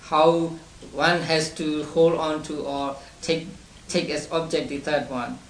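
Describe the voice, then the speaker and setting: A man leading a study class on meditation texts, explaining slowly and step by step with frequent restarts and soft chuckles. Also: a little high, flat delivery. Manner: chuckles between points. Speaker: Buddhist meditation teacher. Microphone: distant room mic. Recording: roomy distant amateur recording with hiss.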